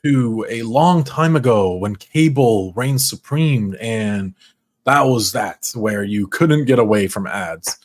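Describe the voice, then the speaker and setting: A man's voice: fairly low pitch, slow. A man co-hosting a casual tech podcast, ranting and cracking jokes. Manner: joking, ranting. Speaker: podcast co-host. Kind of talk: casual chat.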